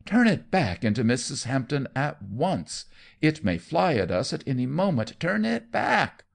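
A man putting on a shrill, panicky aunt. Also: sing-song, measured pace, creaky, darkish tone, full character voice. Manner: shrill, pleading. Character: fussy, panicky middle-aged aunt.

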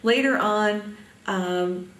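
An older woman from Indiana reminiscing in an oral history interview, halting often with ums. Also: medium pitch, a bit bright, echoey room, distant mic, rough recording.

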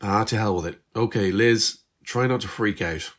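A man voicing a teenage girl from the future, anxious and stammering, in a husky voice. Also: on the low side, moderate pace, natural voice.

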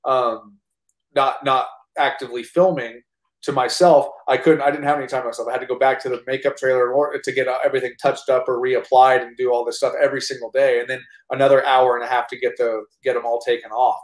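A man's voice: mid-range voice, flat delivery, fast talker. An American man in his thirties, an actor and army veteran, telling stories in a casual interview with many restarts and some swearing. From United States. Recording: roomy echo.

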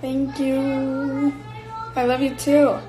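A woman's voice: high-pitched, monotone, drawn-out words, mellow, rough recording. A young woman from Finland, casually chatting with fans on a live stream and answering their comments while she eats. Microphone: phone or built-in mic.

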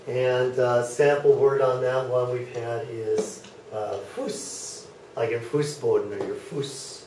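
A man lectures slowly and patiently to a classroom, pausing often to check that his students follow along. He is caught by a camera at the back of the room, his voice distant and ringing off the walls, with a faint hum of room noise underneath. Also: mid-range voice, fairly even intonation. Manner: patient, checks in with frequent okays. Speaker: German teacher. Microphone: far camera. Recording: echoey classroom from far off.

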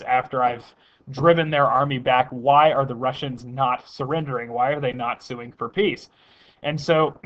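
A man's voice: mid-range voice, fairly bright tone, dull audio. A man giving a casual spoken history lecture, talking conversationally with frequent fillers and restarts.

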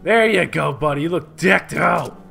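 A man's voice: fairly high pitch, a little slow, gravelly. A man streaming a survival game, chatting crudely with other players as a mock shopkeeper giving away gear. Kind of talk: casual gameplay chat with other players. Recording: game audio with music playing behind.

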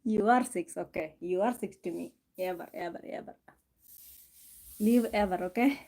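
A woman's voice: on the low side, normal speed, warm tone. A woman chatting casually on a live stream, doting on her cat and laughing often. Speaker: cooking channel host.

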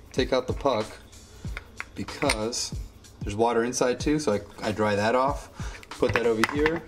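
A man casually demonstrating a home coffee setup, chatty and rambling with joking asides. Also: mid-range voice. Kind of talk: casual product demo. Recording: echoey room with faint music.

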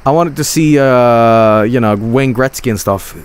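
A man streaming a hockey video game, commenting live, swinging from low grumbling to loud yelling and cursing at the game. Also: a little slow, smooth.

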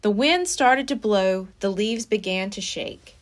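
Lively woman reading a children's book. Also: medium pitch, measured pace. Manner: expressive, lively storybook reading. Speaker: library storyteller. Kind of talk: children's read-aloud narration.

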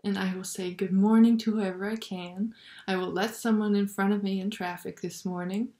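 A woman giving a reflective spiritual talk, thoughtful and unhurried, sometimes dropping to a soft near-whisper. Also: mid-range voice, fairly even intonation. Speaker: Catholic video blogger. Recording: roomy echo.

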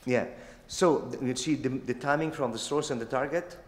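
A man whose first language is Italian, answering judges' questions on stage in a hotel hall, talking haltingly with restarts. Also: mid-range voice. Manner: halting, restarts phrases, many yeahs. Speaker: pitching innovator. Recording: echoey hotel hall with long reverb.

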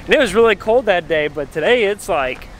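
A woman's voice: mid-range voice, lively intonation, fairly quick, slight background noise, rough recording. A woman filming a casual family vlog outdoors at a farm, upbeat and playful as she points out the animals. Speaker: family vlogger. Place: outdoors at a farm petting zoo.

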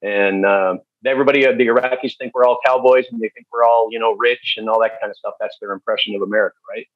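A man's voice: fairly low pitch, steady tone, no echo. Candid man telling stories, dull lo-fi sound. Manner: candid, halting storytelling with many fillers. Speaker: guest. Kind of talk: storytelling interview. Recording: dull, dry lo-fi recording.

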